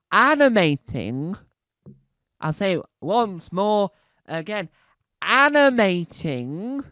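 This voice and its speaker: A man's voice: fairly high pitch, no echo. A man doing rambling, playful stand-up comedy, repeating words for laughs.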